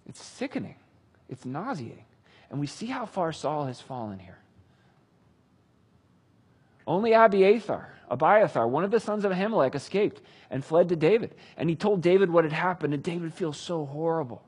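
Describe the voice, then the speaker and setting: A man retelling a Bible story with casual, animated commentary. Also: fairly high pitch, a little fast, husky. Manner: animated, conversational. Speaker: Bible teacher.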